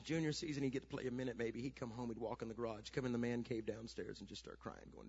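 A middle-aged man pastor preaching a sermon, telling a story that builds to shouted preaching. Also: medium pitch, steady tone, quick pace, vocal fry, hardly any pauses, breathy edge. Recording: dull lo-fi sound.

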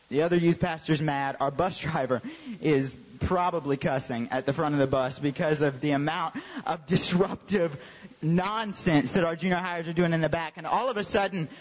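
A young adult man, a youth pastor, telling a lively story in a sermon and acting out the voices of the people in it. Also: a little high. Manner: animated storyteller, acts out quoted voices. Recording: dull sound with long hall reverb.

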